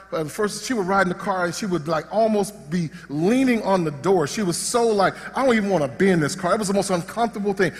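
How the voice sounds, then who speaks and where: A male pastor preaching a sermon, animated and joking, often restarting his sentences. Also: high voice. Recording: long hall reverb.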